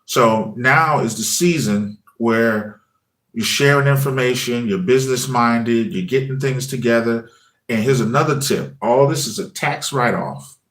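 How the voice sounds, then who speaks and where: A man's voice: medium pitch, measured pace, fairly bright tone. A man hosting a casual morning livestream, talking in a loose, easygoing way and often asking "you know what I mean?". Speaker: livestream host. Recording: echoey room.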